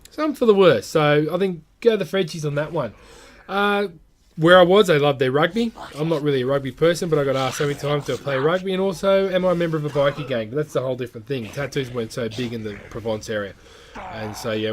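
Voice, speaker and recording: A man's voice: a little high, a little hiss or hum. A man with an Australian accent chatting casually about travel while commenting on his gameplay, rambling and often calling the viewers guys. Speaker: gaming channel host.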